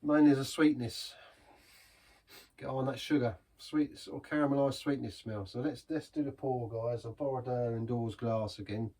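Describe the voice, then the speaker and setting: A man's voice: medium pitch, moderate pace, dark tone. A man giving a casual, rambling beer review in a pub, chatty and self-deprecating.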